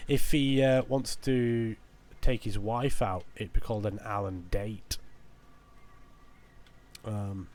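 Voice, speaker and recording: A man with a Yorkshire accent giving casual live commentary on a horror game, rambling through puns and breaking into sudden excited yelps. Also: fairly low pitch, takes it slowly, long pauses. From England. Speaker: game streamer.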